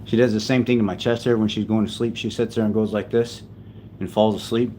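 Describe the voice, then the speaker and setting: A man hosting a casual livestream, chatting gently and unhurriedly as a father while he tends his baby. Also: on the low side, steady tone, a little fast, slight background noise.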